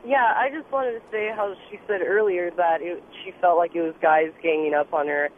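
A man voicing an earnest young woman caller on a comedic phone-in, halting and full of fillers. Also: high voice, steady tone, slight background noise, close to an everyday voice. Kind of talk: comedic phone-in role-play. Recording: tinny phone line.

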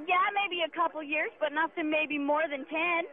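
A woman's voice: high-pitched, fairly even intonation, moderate pace. A woman in her twenties calling into a radio show, speaking firmly and indignantly. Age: 20s. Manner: firm and indignant. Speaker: caller. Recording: lo-fi phone call with music.

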